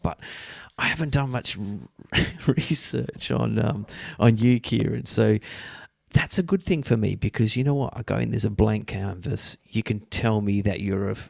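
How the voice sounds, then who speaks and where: Gravelly-voiced podcast host, a man. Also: lowish voice, a little mellow, no echo, studio quality. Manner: chatty, drawn-out ums, leads the show. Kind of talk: casual podcast chat.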